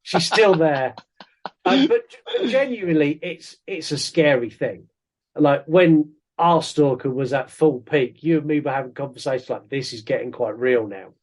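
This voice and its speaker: Male podcast co-host, slightly high voice, rambling and jokey, casual film review. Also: expressive, a little slow. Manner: rambling, jokey, self-interrupting.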